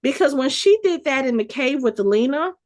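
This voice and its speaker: A woman podcast host casually recapping a TV episode, telling the story with animated energy and acting out the characters' lines. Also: high voice, fairly quick. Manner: animated storytelling, acts out quotes.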